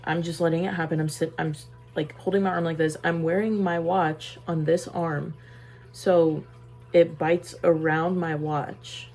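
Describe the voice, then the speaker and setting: A young woman telling a personal story in a casual vlog, halting and trailing off into soft asides while busy with a task. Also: sits low, slight background noise, rough recording. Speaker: vlogger.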